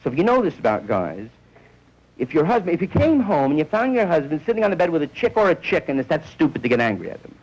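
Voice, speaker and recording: A man performing a rambling stand-up routine, slipping into quick character bits, on an old recording. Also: fairly high pitch, very animated, darkish tone, muffled recording. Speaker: stand-up comedian.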